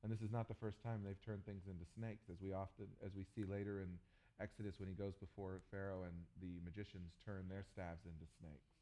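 A man preaching a sermon, telling stories with humor and jumping to loud, animated bursts. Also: sits low, a little fast. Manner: animated storytelling with jokes and sudden loud bursts. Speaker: pastor.

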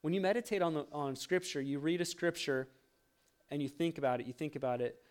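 A man's voice: fairly high pitch, fairly quick, clean tone. A young man preaching a sermon, telling a self-mocking personal story with laughter. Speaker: pastor.

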